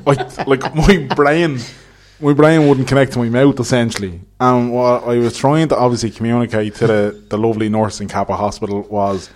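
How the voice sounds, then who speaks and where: A man's voice: mid-range voice, steady tone, normal speed, darkish tone, a little hiss or hum. A young man hosting a podcast, telling a story in casual chat, laughing often, with crude banter.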